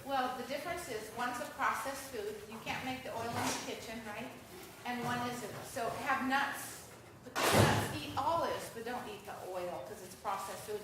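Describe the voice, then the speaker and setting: A woman giving a lively live talk and answering audience questions, speaking conversationally to the crowd. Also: a little high. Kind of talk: live presentation with Q&A. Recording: echoey room, mic far off, faint noise.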